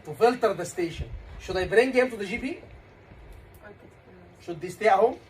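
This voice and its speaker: A man's voice: high-pitched, lively intonation, moderate pace, slight background noise, poor audio. A man with an Egyptian accent teaching a class as an exam tutor, asking questions and repeating key words.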